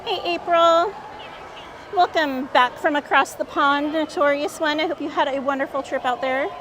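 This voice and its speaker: A woman hosting a casual live stream outdoors in a busy theme park. She chats upbeat with viewers, a little hoarse, on a handheld phone. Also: sits high, fairly even intonation, moderate pace. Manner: chatty and upbeat, reads out viewer comments. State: slightly hoarse, voice cutting in and out. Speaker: livestream host. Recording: loud crowd and outdoor noise.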